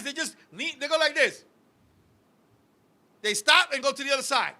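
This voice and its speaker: Here the male host, voice very high and sharp, trades profane, animated anecdotes in casual comic talk, repeatedly turning to his co-host. He moves at a moderate pace with frequent pauses, on a close, totally dry mic with no echo.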